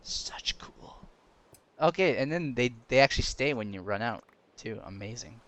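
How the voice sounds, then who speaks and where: A young man giving casual gameplay commentary, excitable, laughing and yelping when danger comes, chatting to the game's creatures. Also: mid-range voice, brisk. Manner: excitable, yelps and laughs at danger, talks to game mobs. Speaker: gaming commentator.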